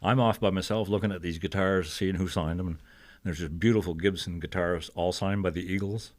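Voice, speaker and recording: An older singer-songwriter from Fredericton, New Brunswick, Canada, appears as a talk-show guest telling casual stories in a TV interview. Low-voiced and brisk, he's a lively storyteller who acts out other people's voices and chuckles often.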